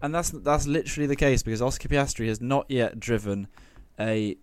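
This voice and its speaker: A man's voice: mid-range voice, fairly quick, clean tone, dry recording. Conversational man on a dry mic. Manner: conversational, many fillers, wry asides. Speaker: podcast co-host. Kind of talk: casual motorsport discussion.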